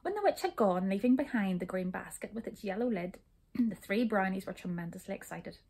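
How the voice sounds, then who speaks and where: A woman reads a children's storybook aloud with a husky, breathy voice. Her narration is expressive, rising and dipping with the tale at a moderate pitch. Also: a little fast. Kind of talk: storybook reading.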